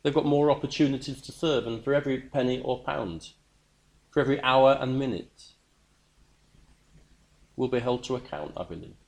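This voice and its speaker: A man's voice: medium pitch, moderate pace, creaky, long pauses. A man preaching a sermon, earnest and emphatic, repeating words as he builds his points.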